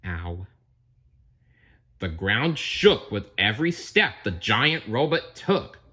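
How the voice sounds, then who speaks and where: A man's voice: mid-range voice, sing-song, a little slow, very noisy. A man reading a storybook aloud, dropping in chatty asides to the listener. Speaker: narrator.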